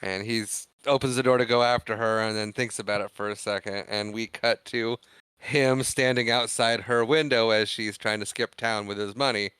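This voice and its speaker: A man's voice: fairly low pitch, steady tone, a bit bright, clear, resonant tone, dry recording. A man co-hosting a podcast, recapping a film scene by scene in a rambling, casual way and acting out lines of dialogue. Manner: rambling recap with quick acted-out quotes. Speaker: podcast co-host. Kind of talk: casual movie discussion.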